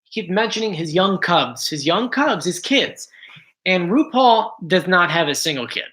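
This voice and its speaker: A man's voice: high voice, animated, normal speed, fairly bright tone. A man hosting a casual livestream, chatting to viewers with frequent restarts and apologetic asides. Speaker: host.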